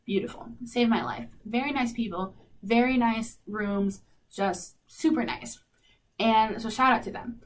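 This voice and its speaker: A young woman from South Dakota, telling a long story in a casual, animated way, filled with "like" and acted-out dialogue. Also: medium pitch. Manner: animated, lots of "like", acts out quoted dialogue. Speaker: radio show host. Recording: faint noise, slightly distant mic.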